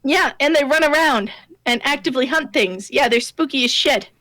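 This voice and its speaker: High-voiced chatty woman. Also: moderate pace, pushed and bright, no room sound, low-quality recording. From Nebraska. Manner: chatty, laughs easily. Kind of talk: casual chat.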